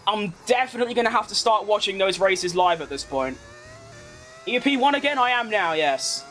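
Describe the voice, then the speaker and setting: Man, gameplay commentary, very high voice, bright and forceful tone, excitable, casual swearing. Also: normal speed, a little hiss or hum. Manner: excitable, reacts loudly to close moments, swears casually. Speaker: gaming creator.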